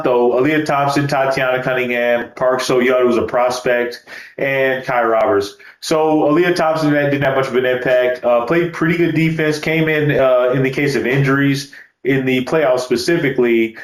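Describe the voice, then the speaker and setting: A man talks through a baseball video game in a loose, joking way, cursing now and then. His voice sits in a middle range. The room around him is echoey. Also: medium pitch. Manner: loose, joking, swears casually. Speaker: gaming YouTuber. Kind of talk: casual gameplay commentary.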